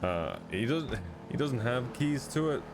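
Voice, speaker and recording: A man's voice: medium pitch, big pitch swings, measured pace, music in the background. A man chatting casually in character during a roleplay stream, hesitant and swearing offhandedly.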